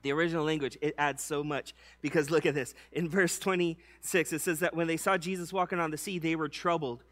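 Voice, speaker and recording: A man preaching a casual sermon, slangy and conversational, telling the story with animated acted-out bits. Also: fairly high pitch, fairly quick.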